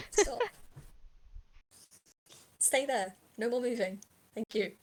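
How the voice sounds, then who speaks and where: A woman narrating a tabletop game as game master from home, halting, with many pauses and restarts. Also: a little high, a little mellow, slight background noise.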